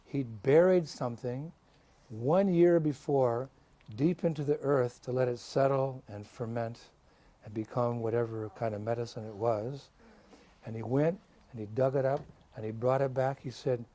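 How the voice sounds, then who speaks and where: A man, a visiting swami, telling a story to schoolchildren in a lively way, laughing and bursting into shouts and chants. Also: mid-range voice, normal speed, slight background noise. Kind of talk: animated storytelling.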